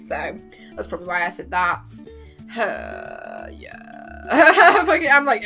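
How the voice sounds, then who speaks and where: A young woman reviewing a TV series on YouTube gushes excitedly and casually, laughing as she acts out little quotes. Her middle-pitched voice is a bit creaky and moves at a normal speed, with soft music faintly underneath.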